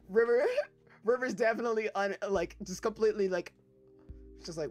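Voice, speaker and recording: Faint music sits behind this young adult gamer's medium-pitched, animated voice, which moves unhurriedly and leaves long pauses. They read a dating game's lines aloud in casual let's play commentary, joking around loosely, profanely and laughing.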